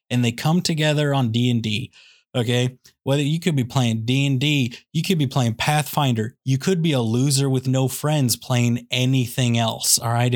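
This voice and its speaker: A man on a podcast doing an excitable comedic rant. He keeps tagging his lines with "okay?" and "all right?", and his voice jumps high when he gets worked up.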